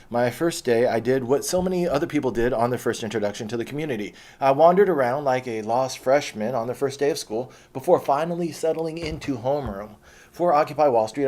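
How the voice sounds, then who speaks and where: A man performing an autobiographical stage monologue, profane and animated, sometimes dropping to a hushed whisper. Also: medium pitch. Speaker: storyteller.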